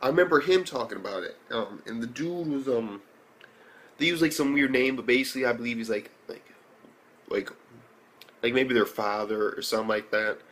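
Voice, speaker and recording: A young man casually recapping and reviewing an anime episode, rambling and profane with many fillers, and excitable. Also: normal speed, long pauses. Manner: excitable, jumps into high reactions.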